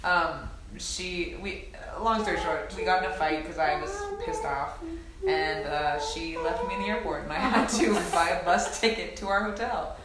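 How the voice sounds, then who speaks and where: A woman's voice: lowish voice, normal speed, crowd noise. A young woman telling a story in casual chat, laughing and swearing as she goes. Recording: echoey room, faint noise.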